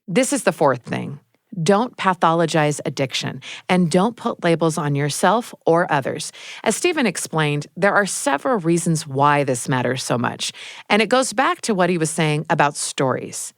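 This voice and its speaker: A woman radio host narrating between interview clips in a measured, explanatory way. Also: low voice, big pitch swings, no echo, studio quality.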